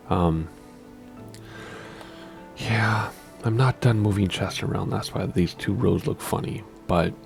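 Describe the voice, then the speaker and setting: A man hosting a casual gameplay commentary at home, talking quietly, very close to the microphone so as not to wake anyone. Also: deep voice, creaky. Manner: hushed, keeping quiet so as not to wake people. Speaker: Minecraft server let's-play host. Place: at home, indoors.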